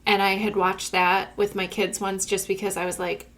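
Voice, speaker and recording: A woman in her thirties talks casually as a library podcast co-host. Her voice sits in a middle pitch. She muses reflectively and often trails off into soft asides. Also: little pitch movement, normal speed. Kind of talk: casual chat.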